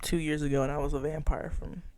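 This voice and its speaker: Low, mellow-voiced young woman. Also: level tone, quick pace. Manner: soft-spoken, hesitant, many likes. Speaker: podcast co-host. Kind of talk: casual chat.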